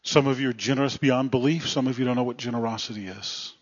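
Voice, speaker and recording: Brief: male pastor mid-sermon, earnest and plainspoken, middle-pitched voice with dropping phrase ends, muffled lo-fi recording. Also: steady tone, fast.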